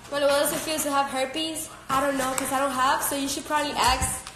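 A woman's voice: high voice, little pitch movement, brisk, background noise. A woman hosting a casual live stream on her phone at home, brash, profane and laughing often as she chats and talks to her dogs. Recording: echoey room.

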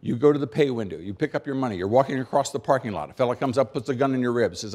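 A man's voice: mid-range voice, a little mellow. American man giving a punchy keynote. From United States. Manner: emphatic, dry humor, pauses for effect; rhetorical questions and repeated build-ups. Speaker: keynote speaker. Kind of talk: keynote speech.

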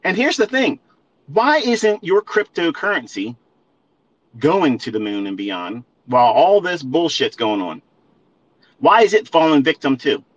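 A man's voice: fairly high pitch, very animated, a little slow, lo-fi sound. A man ranting at listeners on a live audio stream, profane and emphatic, repeating his points and calling them folks. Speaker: trading educator.

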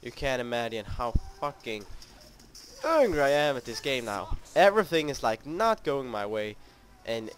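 A man's voice: mid-range voice, sing-song, normal speed. A young man giving live commentary over his own gameplay, frustrated, swearing and mocking his own skill in rambling talk.

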